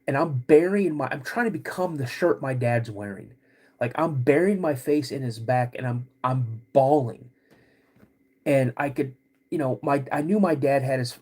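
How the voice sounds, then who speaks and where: Husky man telling a personal story. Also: mid-range voice, a little mellow. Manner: halting, vivid retelling with restarts. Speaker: podcast host.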